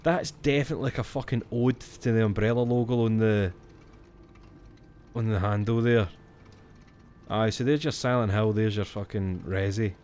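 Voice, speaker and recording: A Scottish man with a fairly low voice talks his way through a horror game on stream. He rambles casually, thinks aloud and swears when something startles him. A faint hiss sits under the recording. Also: moderate pace, pauses often, darkish tone. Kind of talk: let's-play commentary.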